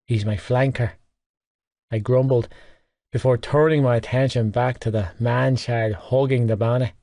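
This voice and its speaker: A man's voice: medium pitch, fairly even intonation, normal speed, creaky, mellow, dry recording. Man narrating a novel, dry sound. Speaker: audiobook narrator. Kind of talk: first-person novel narration.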